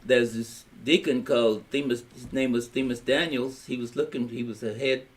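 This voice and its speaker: A man's voice: medium pitch, fairly even intonation, normal speed. Older man from Louisiana telling his story. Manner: rambling, plain-spoken storyteller acting out quotes. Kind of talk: storytelling in a family history recording.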